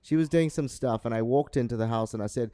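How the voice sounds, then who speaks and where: Man, podcast co-host, casual rambling chat, warm mellow tone, dry close sound. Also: mid-range voice, clean tone, dry recording. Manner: rambling, halting storyteller.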